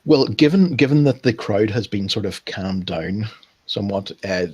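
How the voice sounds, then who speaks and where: A man's voice: on the low side, animated, moderate pace, darkish tone, slightly rough. A young man narrating a tabletop game as game master, hesitant and full of ums as he describes each scene.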